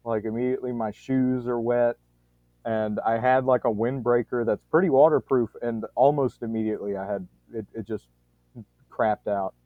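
A man's voice: mid-range voice, fairly even intonation, moderate pace, no echo. A man on a podcast telling a long casual anecdote, rambling with frequent restarts and swearing freely. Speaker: podcast storyteller. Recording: tinny phone-like dry sound.

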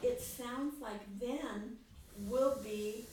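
A woman's voice: on the high side, extremely slow. A woman in a Bible class speaks up from the floor with a thoughtful, slightly tentative question. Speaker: class member asking a question. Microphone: room mic far from her. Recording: distant, echoey room with loud noise.

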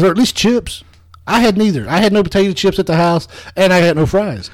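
A man tells a comedic story on a podcast, animated and quick to swear. His voice sits fairly high and sounds dry and close to the mic. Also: dry recording. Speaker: podcast co-host. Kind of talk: casual comedic chat.

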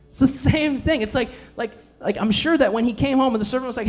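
A man's voice: very high-pitched, animated, moderate pace, faint music behind. A man preaching a casual, enthusiastic sermon in a church, often saying "like" as he talks. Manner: casual, enthusiastic, many fillers like "like". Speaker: pastor.

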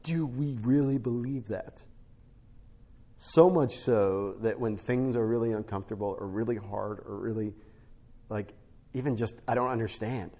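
A middle-aged man, a podcast guest, teaching on spiritual life through a family story, with an animated storytelling manner that often checks in with "right?". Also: fairly low pitch. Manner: animated storyteller, rises to emphatic peaks, frequent "right?" tags.

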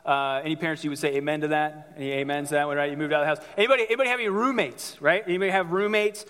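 A male pastor preaching to a congregation in a church, lively, asking the room questions and acting out quotes. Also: fairly high pitch, rapid-fire, clear, resonant tone. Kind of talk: sermon. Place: church sanctuary before a congregation. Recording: long hall reverb.

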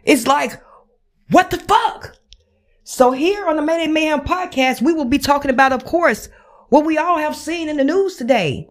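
A woman's voice: high-pitched, moderate pace. A woman hosting her own podcast, ranting in casual profane commentary and acting out calls with friends. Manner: animated, swearing, acts out phone calls with friends. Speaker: podcast host.

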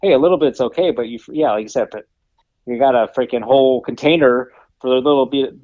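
A man's voice: medium pitch, fast, dry recording, narrow, tinny audio. A man co-hosting a podcast in casual chat, explaining earnestly with many restarts and tag questions. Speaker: podcast co-host.

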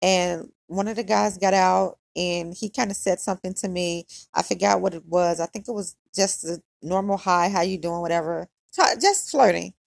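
A woman with a gravelly, husky voice tells a personal story in a frank, loose, conversational way, full of "like". Her voice is mid-pitched and recorded close and dry. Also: normal speed, few pauses, no room sound. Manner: candid and conversational, heavy use of "like". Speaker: podcaster.

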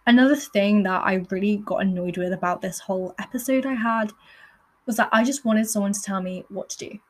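A woman's voice: mid-range voice, fairly quick. A young woman hosts her podcast in a candid, earnest personal monologue, peppered with "like.". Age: young adult. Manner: candid and earnest, with frequent fillers like "like". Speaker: podcast host.

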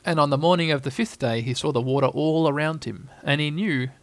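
Gravelly man reading a storybook. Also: fairly high pitch, fairly quick, no room sound. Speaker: audiobook reader. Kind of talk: storybook narration.

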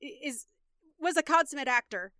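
A woman's voice: high-pitched, lively intonation, moderate pace, sharp tone, dry recording, clean studio sound. A woman co-hosting a casual movie podcast, talking enthusiastically about actors. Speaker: podcast co-host.

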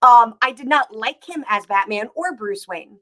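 A woman co-hosting a casual chat, talking in a rambling, animated way with many fillers. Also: fairly high pitch, normal speed. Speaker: podcast co-host.

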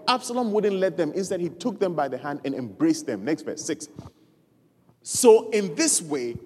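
A preacher giving an animated sermon, repeating key phrases for emphasis and acting out quoted voices. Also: mid-range voice, breathy edge. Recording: reverberant hall.

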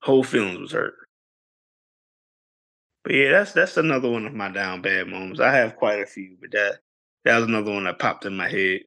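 A man co-hosting a podcast, telling a story in a casual, animated way and jumping into high voices whenever he quotes people. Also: a little fast, vocal fry, long pauses. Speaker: podcast co-host.

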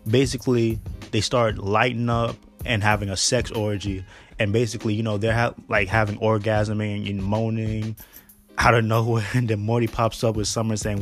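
A man's voice: lowish voice, fairly even intonation, moderate pace, soft background music. A man hosting a podcast, recapping a cartoon episode in a casual, slangy, rambling way and laughing often. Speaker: podcast host.

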